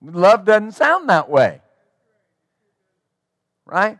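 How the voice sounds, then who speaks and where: A man's voice: high voice, animated, measured pace, fairly bright tone, no echo, studio quality. A man preaching a sermon as pastor, emphatic and acting out the replies of the people he quotes.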